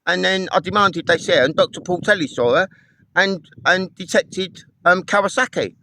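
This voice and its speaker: A man's voice: sits high, moderate pace, pushed and bright, a little hiss or hum. A man ranting angrily to camera, swearing often and repeating himself as he recounts phone calls. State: homeless. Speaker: vlogger. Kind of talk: angry personal rant to camera.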